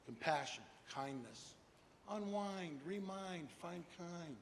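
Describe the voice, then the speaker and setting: An older man giving a humorous motivational keynote speech, animated storytelling and rhyming slogans. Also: high voice, takes it slowly. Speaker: keynote speaker. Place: large hall with an audience. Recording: echoey hall, faint noise.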